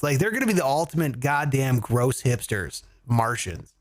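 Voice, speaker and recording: A man hosting a comedy podcast, chatting casually, swearing and joking with animated energy. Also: medium pitch, moderate pace. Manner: animated, swearing, mock voices for jokes.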